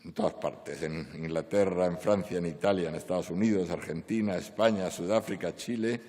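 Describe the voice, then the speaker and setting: A man giving a courteous, measured introduction of a guest speaker at a conference. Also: sits low, darkish tone. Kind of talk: formal introduction speech. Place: conference hall. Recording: long reverb of a large hall.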